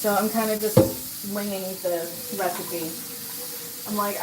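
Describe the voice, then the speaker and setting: A woman with a mid-range voice and fairly even intonation hosts a casual cooking livestream at a measured pace, with noise in the background. She's chatty, talking herself through each step while answering viewers in chat, and she sounds out of breath at times.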